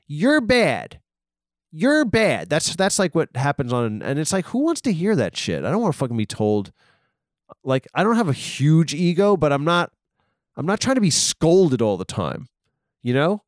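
A man rambling through a comedic monologue, swearing and breaking off his own sentences. His pitch jumps around constantly, from low mutters to high squeaks. The recording is dry and close, with no room sound. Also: no echo. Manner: rambling, self-interrupting, swearing, mock-aggressive. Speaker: comedic podcast host.

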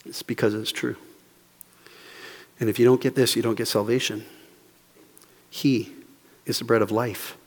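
A man preaching a sermon as pastor, swinging between hushed low asides and fervent raised passages, with emphatic rhetorical questions. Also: level tone, a little slow, pauses often. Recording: long reverb of a large hall.

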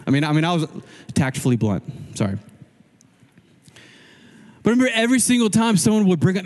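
Animated male pastor in a reverberant hall. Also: high-pitched, brisk, long pauses. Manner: casual, animated preaching with quoted asides. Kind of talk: sermon.

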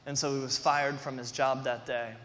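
A man preaching a sermon to a congregation, energetic and rambling, with restarts and playful asides. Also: medium pitch, normal speed. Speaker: pastor. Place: large church hall before a congregation. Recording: long reverb of a large hall.

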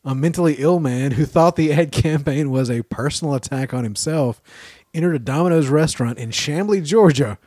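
A man's voice: on the high side, brisk, warm tone, no room sound, clean studio sound. A man co-hosting a casual podcast, chatting loosely and laughing often as he reads things off his phone. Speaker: podcast co-host. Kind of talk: casual chat.

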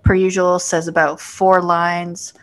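Low-voiced woman chatting about movies. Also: level tone, a little slow. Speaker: podcast co-host. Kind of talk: casual movie review chat.

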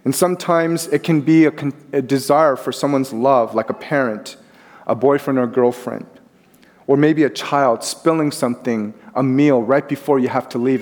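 A middle-aged man preaching a sermon in a conversational, animated way, acting out quotes as he goes. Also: mid-range voice. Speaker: pastor. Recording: long hall reverb.

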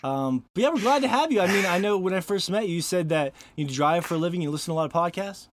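A man's voice: high-pitched, lively intonation, fast talker, a little hiss or hum. A man hosting a casual podcast chat, joking and laughing often as he introduces his co-hosts. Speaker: podcast host.

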